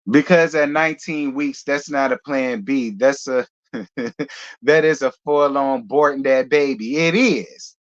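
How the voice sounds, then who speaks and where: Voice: mid-range voice, a bit bright. Blunt rambling gossip host, dull sound. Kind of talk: casual gossip commentary.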